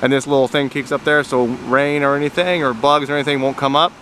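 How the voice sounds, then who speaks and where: A man's voice: medium pitch, fairly even intonation, quick pace, fairly bright tone. A man walking a buyer around a used car as a salesman, repeating "very, very" and addressing the buyer as "sir". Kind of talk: vehicle walkaround video. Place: outdoors at a car lot. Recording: noisy outdoor recording.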